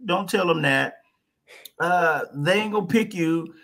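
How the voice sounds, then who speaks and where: A man guesting on a podcast, telling his story in a lively, folksy way and slipping into little voices. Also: fairly high pitch, unhurried, vocal fry. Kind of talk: animated storytelling in conversation.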